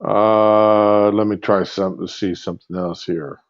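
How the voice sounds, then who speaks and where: A lowish-voiced man rants off the cuff, rambling, halting and filled with "uh"s. He talks into a phone earbud mic, so the sound is dull and lo-fi. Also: flat delivery. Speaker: livestream host. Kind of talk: impromptu rant. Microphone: earbud with built-in mic on a phone.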